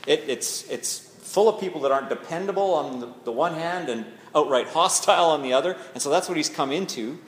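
A man's voice: on the high side, animated, fairly quick, hardly any pauses, slight background noise. A man preaching a sermon in a conversational, reflective way, building to emphatic readings of scripture. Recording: echoey hall with faint ambience.

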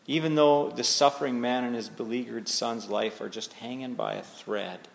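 Gravelly-voiced man preaching in an echoey hall. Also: medium pitch, steady tone. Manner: conversational and searching, slows down for emphasis. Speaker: pastor. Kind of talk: sermon. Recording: echoey hall with faint ambience.

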